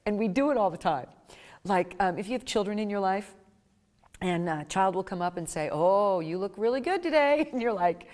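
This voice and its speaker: A woman's voice: medium pitch, fairly quick, darkish tone, big-room sound. A woman giving a live seminar to pet-business owners, acting out little quoted exchanges as she goes.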